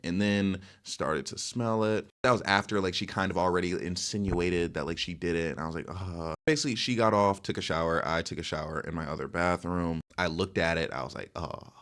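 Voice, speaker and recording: A man's voice: brisk, few pauses. A young man telling a casual, rambling story in slangy storytime style. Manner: rambling slangy storytelling, animated swings in pitch. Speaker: content creator.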